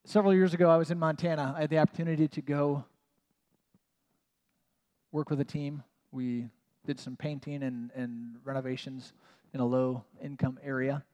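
A man's voice: a little high, fairly even intonation, normal speed, a little mellow. A man preaching a conversational sermon as a pastor, casual and self-mocking, with many "like" asides. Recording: long reverb of a large hall.

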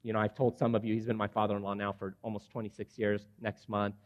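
A man in his forties preaching an earnest sermon to men, rising at times to loud, emphatic passages. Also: on the low side, little pitch movement, quick pace. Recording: dull sound with long hall reverb.

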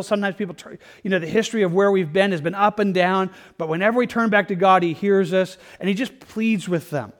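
A man's voice: sits high, fairly quick, few pauses. A man pastor preaching a verse-by-verse sermon in an earnest, conversational way. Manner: conversational, earnest, with restarts and "like" asides.

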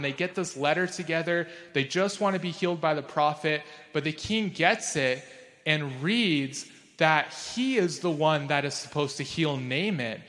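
A man preaching a casual, conversational sermon as a pastor. He uses lots of fillers and jumps up in pitch for emphasis. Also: moderate pace, fairly bright tone, big-room sound. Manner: casual and chatty, with many fillers like "like".

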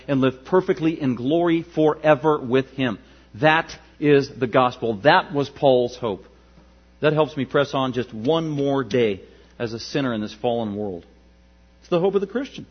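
Husky preaching man, lo-fi hum. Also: mid-range voice. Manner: emphatic preaching with sudden loud peaks and quiet drops. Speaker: pastor. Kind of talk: sermon. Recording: dull lo-fi with mains hum.

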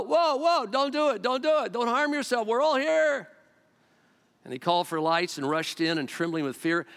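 Man, sermon, animated storytelling, acted-out quotes, slightly high voice, long reverb. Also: clear, resonant tone. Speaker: pastor.

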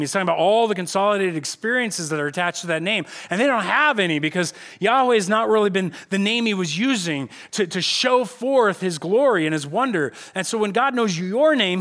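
A pastor giving a casual, conversational sermon in a church, animated and shifting between loud emphasis and quiet asides. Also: male voice, high-pitched. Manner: casual, conversational preaching with slang.

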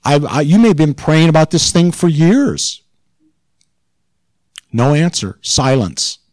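A man's voice: fairly high pitch, sing-song, measured pace, darkish tone, dry recording, poor audio. A man pastor giving a sermon in an informal, chatty way, growing more intense as he presses a point. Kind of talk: conversational sermon.

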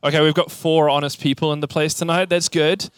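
A young man preaching a sermon, telling childhood stories in a lively, animated way. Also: a little high, brisk, clean tone, dry recording, studio quality. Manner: animated storytelling, acts out childhood scenes. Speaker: pastor.

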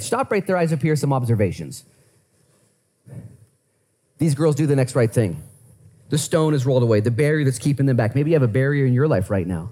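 A man preaching a sermon as pastor, animated, conversational and playful as he talks through scripture. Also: medium pitch, a little fast, breathy edge.

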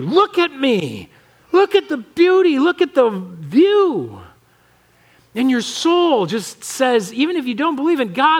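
A man with an American accent preaching a conversational, animated sermon as pastor of a church, often acting out the voices he quotes. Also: sits high. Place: church sanctuary.

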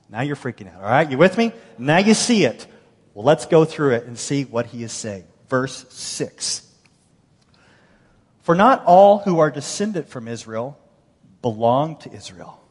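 A man preaching a sermon, reading scripture aloud and explaining it with animated emphasis that swings between loud and hushed. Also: mid-range voice. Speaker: pastor. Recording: long hall reverb.

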